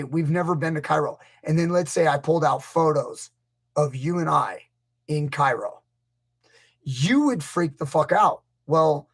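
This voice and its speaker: A man's voice: a little high, creaky, a bit bright, slightly rough. A man, a grappling coach hosting a casual live stream, rambling through stories and acting out what people said. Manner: rambling, storytelling, acts out quotes. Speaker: grappling coach, channel host.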